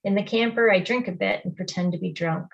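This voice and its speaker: Woman quietly telling a personal memoir. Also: medium pitch, fairly quick, gravelly, highs cut off. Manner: quiet, reflective, present-tense narration. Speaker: storyteller. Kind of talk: first-person memoir storytelling.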